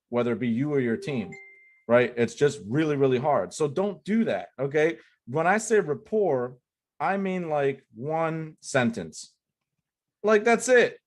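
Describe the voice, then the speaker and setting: A man's voice: mid-range voice, darkish tone. Chatty man teaching at a whiteboard. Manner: loose and chatty, full of "like" and "right?" tags; repeats key phrases for emphasis. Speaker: online marketing coach. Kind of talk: casual whiteboard lesson.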